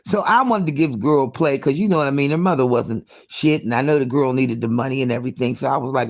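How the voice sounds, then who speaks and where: An animated woman spinning a story in casual, salty talk, swearing freely and turning to her listeners with asides. She acts out the dialogue, her voice jumping up high for the quoted lines. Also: fast, vocal fry, few pauses. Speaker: hair salon owner. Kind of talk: casual storytelling on a live stream.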